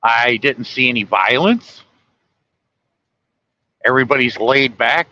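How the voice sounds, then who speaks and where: A man's voice: medium pitch, slow pace, long pauses, sharp tone, highs cut off. A man driving a truck, chatting casually and folksily with viewers from the road. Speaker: truck driver livestreaming. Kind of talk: casual rambling talk to viewers. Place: truck cab on the highway.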